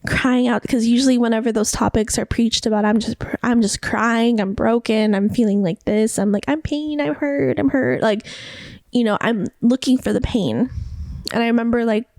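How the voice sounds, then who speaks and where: A woman's voice: on the high side, steady tone, moderate pace, a little mellow, dry recording, studio quality. A young woman hosting a podcast, telling a personal story with emotion, often repeating herself and quoting others. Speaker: podcast host.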